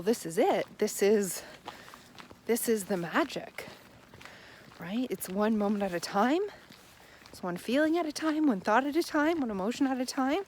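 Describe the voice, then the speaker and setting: A woman giving earnest, encouraging self-help advice to the camera as a healing coach, repeating phrases for emphasis and softening into a gentle, hushed voice for affirmations. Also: fairly high pitch, a little hiss or hum, rough recording.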